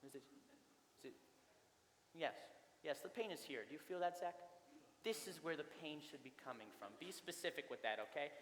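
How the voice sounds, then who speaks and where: Young man as a fussy, condescending drama teacher, bright and high, stammers, echoing hall. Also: expressive, a little fast, long pauses. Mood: pompous. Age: young adult. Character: pompous fussy male high-school drama director. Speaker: drama teacher character in a school play. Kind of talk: stage comedy acting. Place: school stage. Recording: echoey school auditorium, faint room noise.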